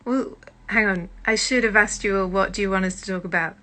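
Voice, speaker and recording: A British woman hosting a casual live-stream chat on her phone, chatty and self-deprecating, with quiet muttered asides. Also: medium pitch, brisk. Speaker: host.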